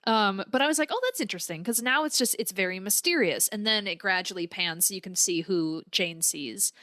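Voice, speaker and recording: A young woman co-hosting a casual movie review podcast, chatty and quick to laugh, full of fillers. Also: mid-range voice, animated, sharp tone, no echo, clean studio sound. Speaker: podcast co-host.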